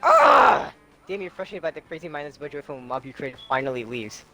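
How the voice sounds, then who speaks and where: A man streamer reading game text aloud in a relaxed, deadpan way. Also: medium pitch, fast talker, faint music behind, poor audio.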